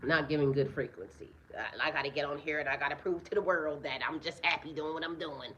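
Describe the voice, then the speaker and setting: Fast and sharp-toned, her low-sitting voice comes through lo-fi sound with a little hiss or hum. The woman, a spiritual reader and life coach, gives a casual astrology reading outside in a yard near birds, blunt and profane, frequently dissolving into laughter.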